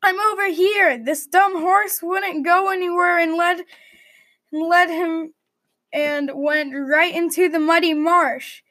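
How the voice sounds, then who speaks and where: A woman's voice: extremely high pitch, fairly even intonation, takes it slowly, a bit bright, no room sound, full character voice. A woman reading the part of a stranded, frightened male knight crying out for help. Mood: desperate.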